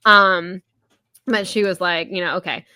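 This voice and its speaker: A woman talking through a book in easy, casual chat. She leans on filler words and keeps slipping into the characters' lines. Her voice is bright and a little low-pitched, recorded dry and close. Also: fairly even intonation, clean tone, no echo. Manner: chatty, many fillers, quick voiced quotes. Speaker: podcast host.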